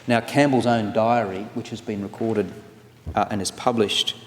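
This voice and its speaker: Low-voiced man lecturing in a hall. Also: steady tone, slight background noise. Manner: measured, scholarly delivery with occasional restarts. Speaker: guest lecturer on legal history. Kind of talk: formal public lecture read from a paper. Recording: long reverb of a lecture hall.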